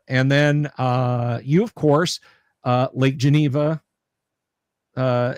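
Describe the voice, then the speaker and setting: A man from the American South hosting a casual livestream chat, halting and repeating words as he rambles through stories with joking asides. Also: mid-range voice, darkish tone, dry recording, studio quality. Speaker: livestream host.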